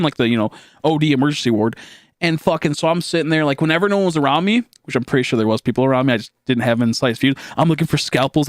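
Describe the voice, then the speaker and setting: A man's voice: on the high side, dry recording, studio quality. A male streamer telling a story in a casual, rambling way while he plays a game. He swears a lot, fills his talk with "like," and keeps laughing at his own tale.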